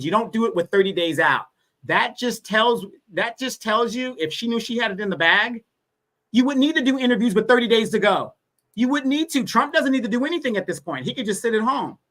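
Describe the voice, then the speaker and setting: A man's voice: high-pitched, bright, forceful tone. A man speaking as a guest on a live online talk show, emphatic and building his points through repetition. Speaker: guest commentator. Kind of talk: casual political talk.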